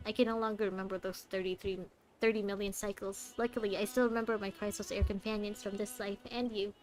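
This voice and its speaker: A woman reading aloud the lines of a wistful young girl in a game, in a quiet, musing way. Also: medium pitch, level tone, quick pace, soft background music, natural voice.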